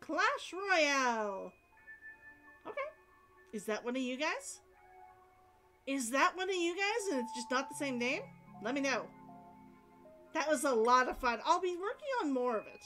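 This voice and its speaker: A woman streamer talks casually to her viewers between bits of gameplay, reading lines aloud as she goes. Her voice is high and very lively, with faint game music playing behind her. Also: moderate pace, pauses often. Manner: chatty, talks to viewers while playing, reads dialogue aloud.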